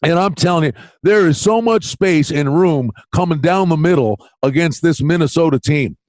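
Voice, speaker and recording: An animated man co-hosts a betting podcast with a folksy, chummy way of talking. His voice is slightly high. The recording is dry and close-miked. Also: normal speed, dry recording. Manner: animated, folksy, calls partner buddy and pal. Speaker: podcast co-host, betting analyst. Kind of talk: casual sports betting chat.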